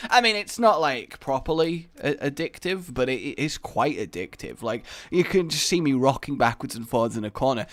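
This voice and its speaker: Playful gaming commentator. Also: male voice, mid-range voice, fairly bright tone, dry recording, clean studio sound. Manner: rambling, playful, jokey self-talk. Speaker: gaming video host. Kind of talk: gameplay commentary.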